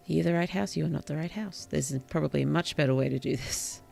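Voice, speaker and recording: A streamer giving relaxed gameplay commentary in a gentle, whimsical, polite way, with puns and soft whispered asides. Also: medium pitch, moderate pace, creaky, pauses often, faint music behind. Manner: drops into soft whispers at times. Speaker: VTuber streamer and author.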